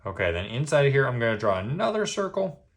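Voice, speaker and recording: A man giving a step-by-step drawing lesson, patient and easygoing, checking in with a quick "okay?" after each step. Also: mid-range voice, big pitch swings. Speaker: drawing instructor.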